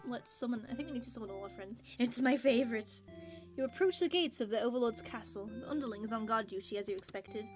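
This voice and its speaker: A giggly, excitable young woman streaming a game and reading its text aloud, with a voice growing tired. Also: a little high, fast, few pauses. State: voice getting tired. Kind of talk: let's play commentary and reading game text. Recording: game music underneath.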